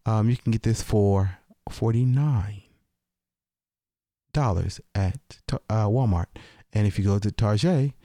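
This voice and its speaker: A man on a casual podcast who speaks haltingly, stumbling and restarting as he makes his case. His voice is middling in pitch and sits dry and close to the mic. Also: dark tone, dry recording. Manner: halting, hesitant, many restarts and fillers. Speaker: podcast co-host. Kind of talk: casual podcast chat reviewing a game.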